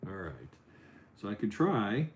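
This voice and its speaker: A middle-aged man hosting a casual Lego building livestream, loose and chatty, his voice jumping up when he gets excited. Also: lowish voice, a little slow. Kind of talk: casual chat while building. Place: home office.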